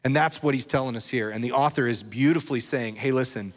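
A man's voice: medium pitch, quick pace. A man preaching a sermon as pastor, talking in a conversational way and checking in with his listeners. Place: church. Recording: reverberant hall.

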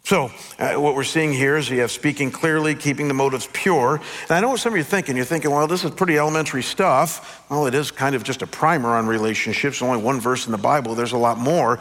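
A middle-aged man, a pastor, giving a conversational, animated sermon with self-deprecating asides and stammered restarts. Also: medium pitch, fast, few pauses. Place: church sanctuary. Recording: long hall reverb.

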